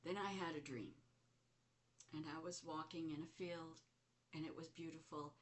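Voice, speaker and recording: A middle-aged woman hosting a show, slowly and reflectively telling a personal story. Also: sits low. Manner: slow, reflective, animated when recounting. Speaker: host. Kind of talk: casual spoken storytelling.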